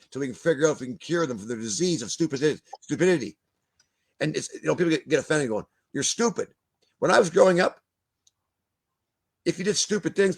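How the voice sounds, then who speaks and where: An older man, ranting bluntly as a guest in a video-call discussion, swearing and stumbling over repeated words. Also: a little high. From Canada.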